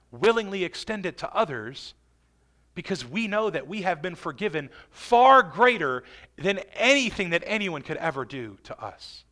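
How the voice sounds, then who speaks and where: A man preaching from the pulpit in a high, bright, ringing voice. He leans hard into key phrases, stretching them out, then drops low and quiet. Earnest, emphatic sermon delivery. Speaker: pastor.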